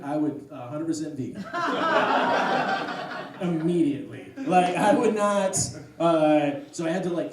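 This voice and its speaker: A man doing a stand-up comedy set, telling a rambling story with deadpan asides. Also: fairly high pitch. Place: comedy club stage. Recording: echoey room, distant mic, noise. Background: audience laughter.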